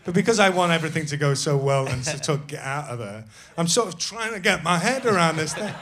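A man's voice: fairly high pitch, animated, fast, a bit bright. A man telling a self-deprecating story as a guest on a live comedy podcast, laughing often. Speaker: actor guest.

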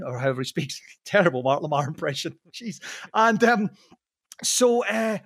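A man telling anecdotes as a podcast guest, laughing often, swearing, and slipping into quick impressions. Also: fairly high pitch, very animated, vocal fry, fairly bright tone, no echo, studio quality.

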